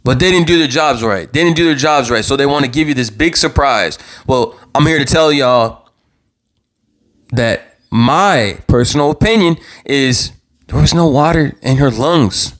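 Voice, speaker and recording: A young man hosting his own live show, giving impassioned commentary in a heated, worked-up voice, repeating himself and stumbling over restarts as he gets louder. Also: medium pitch, normal speed. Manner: heated, repetitive, stammering restarts, rising to near-yelling. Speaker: vlog host.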